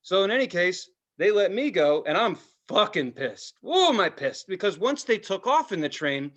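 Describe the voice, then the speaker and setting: A middle-aged man with a fairly high voice, recounting an incident on a podcast. He tells it in a casual, animated way, swearing freely as he gets fired up. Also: moderate pace. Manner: heated, profane, animated storytelling. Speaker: podcast co-host. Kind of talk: casual storytelling chat.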